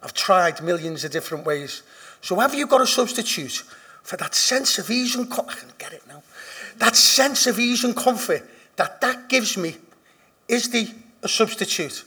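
A man with a Liverpool accent giving a personal recovery testimony, blunt and profane, dropping to a hush and then rising loud with laughter. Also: high voice, lively intonation, normal speed, breathy edge. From Liverpool, England. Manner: blunt and profane, swinging from hushed confession to loud laughing emphasis. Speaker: speaker sharing at a recovery meeting.

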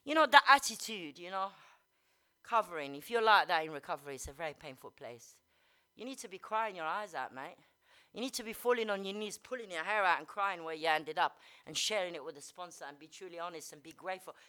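Fast, bright-voiced woman sharing bluntly. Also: lowish voice, clean tone. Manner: blunt and candid, swears, many "you know"s; fast and energetic, rising and falling in loudness. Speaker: speaker sharing at a recovery meeting. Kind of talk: personal recovery testimony.

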